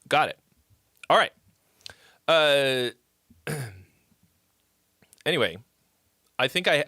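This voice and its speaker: A man's voice: lowish voice, bright, forceful tone, no room sound. A man hosting a casual live stream, reading out chat messages and joking around with loose, profane banter. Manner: reads chat messages aloud. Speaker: livestream host reviewing songs.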